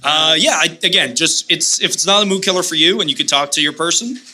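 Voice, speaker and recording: A man trades crude jokes as a podcast co-host in front of a live crowd. His tone is sharp and forceful, sitting a touch high for a man, and he keeps it loose and casual. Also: fast, a little hiss or hum. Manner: joking, crude banter. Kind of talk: casual comedic chat. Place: live show venue on stage.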